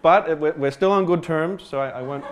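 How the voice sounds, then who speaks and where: A faint crowd can be heard as an Australian man with a voice on the high side speaks fairly quickly on stage. His humorous personal story rambles, thick with fillers, restarts, self-deprecating remarks and casual swearing.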